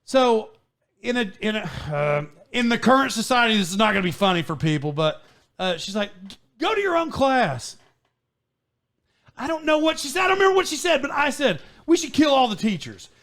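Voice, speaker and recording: High-voiced man telling a story. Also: quick pace. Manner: animated, laughing often, many restarts. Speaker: podcast host. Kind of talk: casual storytelling chat.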